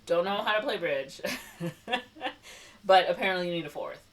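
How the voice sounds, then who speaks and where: Woman co-host, casual recap, lots of "like" and "um", lowish voice, distant mic. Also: lively intonation. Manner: rambling, filler-heavy storytelling with quick quoted voices. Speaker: podcast co-host.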